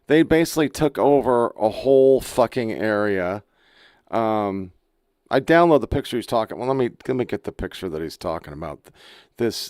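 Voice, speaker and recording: A man's voice: lowish voice, no room sound. Ranting profane male podcast host. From United States. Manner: crude, ranting, exasperated. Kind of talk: profane political commentary.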